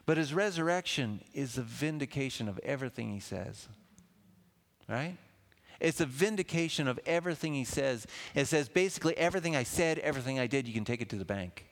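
A man's voice: medium pitch, a little fast. Man preaching in a reverberant hall. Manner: lively, conversational preaching with asides. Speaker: pastor. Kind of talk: sermon.

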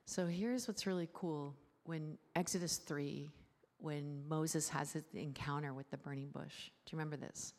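A woman pastor giving a conversational sermon in a church. She talks in a lively way, asking the congregation many rhetorical questions. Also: low voice, normal speed, hardly any pauses. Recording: long hall reverb.

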